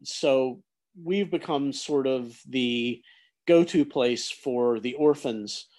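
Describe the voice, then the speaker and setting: A man with a Pittsburgh accent, chatting on a podcast over a video call while lying down, relaxed, with halting restarts. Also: medium pitch. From Pennsylvania. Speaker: executive editor. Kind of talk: casual chat.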